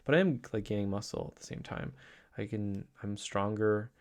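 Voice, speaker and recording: A man's voice: fairly low pitch, moderate pace. A young adult man talking through a casual daily vlog, rambling upbeat with many restarts and fillers. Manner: upbeat, excited. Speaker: vlogger.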